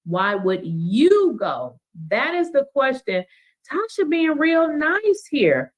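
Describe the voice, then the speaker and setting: A woman's voice: on the high side, animated, a little slow, poor audio. A woman hosting a reaction commentary, blunt and incredulous, firing rhetorical questions while facing a camera. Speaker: commentary host.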